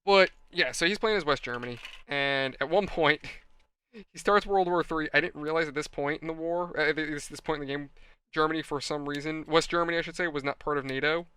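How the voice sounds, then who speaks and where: This is a man hosting a hobby video, telling an animated anecdote with plenty of exasperation. His voice sits a little high and sounds bright and smooth. The recording is close and dry. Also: fairly quick, no room sound. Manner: animated, exasperated storyteller, addresses viewers. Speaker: hobby channel host. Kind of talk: rambling anecdote while model building.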